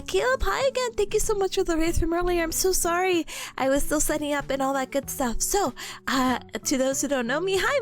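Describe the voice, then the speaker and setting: A young woman streamer chatting casually on a livestream, bubbly and playful, her voice hoarse from coughing. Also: very high voice. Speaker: VTuber streamer. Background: faint background music.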